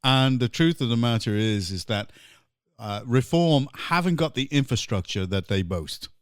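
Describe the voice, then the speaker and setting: An English man hosting a podcast, jokey and quick to laugh. His pitch swings widely as he talks, and the sound is dry and close to the mic. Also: no echo. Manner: jokey, animated, laughing often. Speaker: podcast host. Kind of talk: casual podcast chat.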